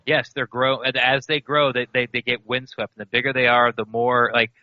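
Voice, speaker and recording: A man co-hosting a sports podcast, rambling and animated, laughing as he talks. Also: mid-range voice, moderate pace, dry recording. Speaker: podcast co-host. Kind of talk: casual sports chat. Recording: dry, slightly dull podcast audio.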